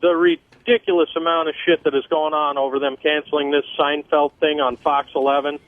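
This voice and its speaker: A man from New York phones in to a radio show with a high voice. He talks casually and swears, exasperated, and comes through a tinny, dry phone line. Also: flat delivery, a little fast, no echo. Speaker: caller.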